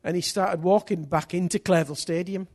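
A man preaches with a high, light voice and a storyteller's ease, tossing in casual slang. He builds to excited shouts, then drops almost to a whisper to make his point. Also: brisk. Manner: swings from hushed to excited shouting; lively storyteller with local place names and slang. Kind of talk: sermon with storytelling.

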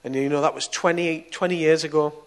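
A middle-aged man preaches to a gathering. He tells a personal story, and his voice moves between quiet, confiding passages and sudden loud bursts. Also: on the high side, steady tone, fairly quick. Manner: storytelling, swings from soft to loud. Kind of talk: testimony sermon.

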